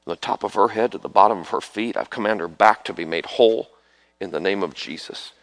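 Gravelly fervent preacher, man. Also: on the low side, brisk, no echo. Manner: calls people forward, prays over them with sudden loud bursts. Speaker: preacher leading prayer ministry. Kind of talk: fervent altar-call prayer.

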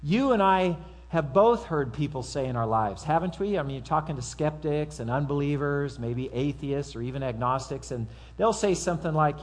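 A man's voice: a little high, expressive, normal speed, hardly any pauses. A man preaching a sermon to his congregation in a conversational way, with asides and acted-out quotes. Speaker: pastor.

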